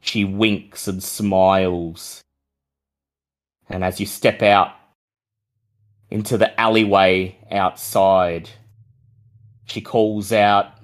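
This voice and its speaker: A man narrating a tabletop horror game as game master, in slow, measured description. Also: sits low, little pitch movement.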